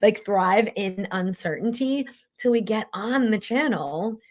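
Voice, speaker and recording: A middle-aged woman hosting a casual motivational talk as a mind-body coach, lively and acting out inner voices. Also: measured pace. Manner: animated, acts out inner voices in a high pitch.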